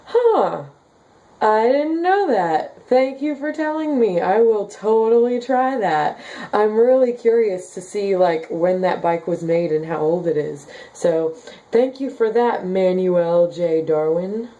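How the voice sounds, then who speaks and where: A woman's voice: mid-range voice, lively intonation, slow pace, dark tone, lo-fi sound. A young woman from Kansas with a slight Southern accent, chatting casually as she reads viewer comments, full of "like" and "um" fillers. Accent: slight Southern with Midwestern base. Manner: chatty, many "like" and "um" fillers, giggly. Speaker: vlogger reading viewer comments. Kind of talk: casual chat.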